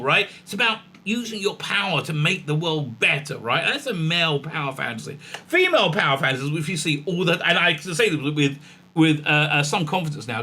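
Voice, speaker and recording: Sarcastic man, bright voice. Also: fairly high pitch. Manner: sarcastic, mocking, often puts on silly gushing voices; many fillers and restarts, reads out article passages. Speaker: commentary channel host. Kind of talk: casual ranting commentary.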